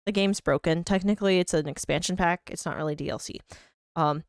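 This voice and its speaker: A young woman game streamer rambles casually from home, playing up little mock-whiny complaints and poking fun at herself. Her voice sits low for a woman and has a gravelly fry to it. The sound is dry, with no room echo. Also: fairly quick. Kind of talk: casual live-stream chat.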